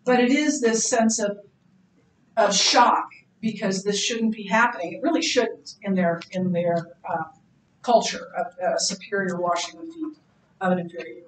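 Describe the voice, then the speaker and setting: A woman's voice: mid-range voice, animated, normal speed, a little hiss or hum. Earnest woman teaching a church class. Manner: earnest and conversational, thinking aloud with restarts. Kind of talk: church class lecture, reading scripture aloud. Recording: roomy sound from far off.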